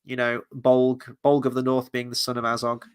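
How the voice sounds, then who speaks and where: A man's voice: medium pitch, monotone, normal speed, smooth. A man hosting a casual review chat, talking bluntly and reading out viewer comments. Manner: blunt, swears, reads viewer comments aloud. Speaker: host.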